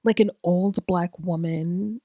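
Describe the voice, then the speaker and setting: A woman's voice: on the low side, steady tone, takes it slowly, warm tone, dry recording, studio quality. Laughing, self-mocking woman podcaster. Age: 40s. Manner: loose and profane, with rhetorical questions. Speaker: podcast host. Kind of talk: casual comedic podcast monologue.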